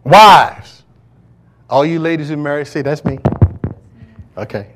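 A male pastor preaching in a church service, his voice sitting fairly high for a man. He throws questions to the congregation and waits for them to complete each phrase. He drops into low, joking asides between loud, ringing declarations. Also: normal speed, slight background noise. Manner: call-and-response preaching, asks congregation to fill in words. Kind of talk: sermon.

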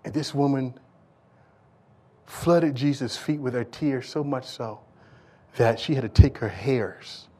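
A man's voice: medium pitch, slow, long pauses, darkish tone, breathy edge. A man preaching a sermon in church, with an impassioned, repetitive cadence, talking directly to the congregation. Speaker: pastor.

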